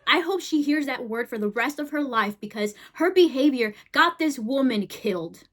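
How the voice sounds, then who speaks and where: A woman's voice: high voice, lively intonation, moderate pace, noisy background. A woman hosting a political commentary video, talking bluntly and heatedly, often tagging her points with "right?" and "okay?". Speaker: host.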